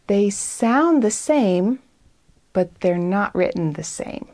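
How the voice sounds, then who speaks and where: A woman with an American accent teaching a beginner English lesson, speaking deliberately and explaining how words sound. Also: mid-range voice, lively intonation, a little mellow. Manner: very slow, deliberate, explains pronunciation.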